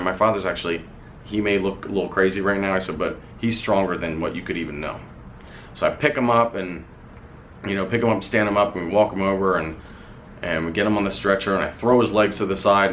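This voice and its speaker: A man's voice: low voice, fairly bright tone, a little hiss or hum. A man vlogging, telling a personal family story in a candid, rambling way with casual swearing.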